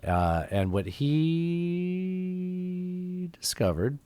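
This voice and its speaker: A man's voice: a little high, very animated, very slow, dark tone, clean tone, no echo. A man co-hosting a podcast in casual chat, rambling and joking and laughing often. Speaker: podcast co-host.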